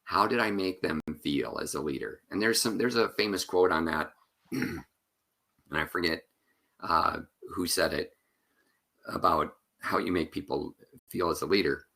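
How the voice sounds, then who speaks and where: A man speaking as a keynote speaker and author, giving a conference talk and telling stories in quick, animated bursts. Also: sits low, creaky. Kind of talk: conference talk over video.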